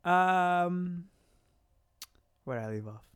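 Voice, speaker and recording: Smooth-voiced man casually recapping a story. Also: high-pitched, slow, no room sound. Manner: animated retelling, quoting characters with laughs. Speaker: podcast co-host recapping a story. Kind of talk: casual chat.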